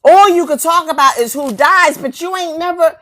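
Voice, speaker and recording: Speaking at a moderate pace in a very high, slightly bright voice, a woman rants at the camera in a preachy, confrontational way. She ridicules her targets, peppering the rant with rhetorical questions and lines she repeats.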